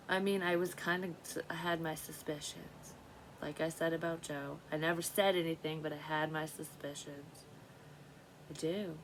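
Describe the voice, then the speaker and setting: A woman's voice: deep voice, a little hiss or hum, rough recording. A woman vlogging in a rambling, profane monologue, talking to herself and now and then dropping into a whisper. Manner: profane, scattered, talks to herself, drops into whispers. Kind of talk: rambling psychic vlog monologue.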